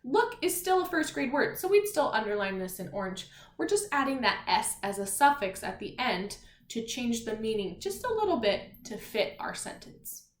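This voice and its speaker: In an echoey room, a woman gives young children a slow, clear remote spelling lesson, sounding words out letter by letter. Her fairly high voice is very animated at a normal speed, patient and encouraging.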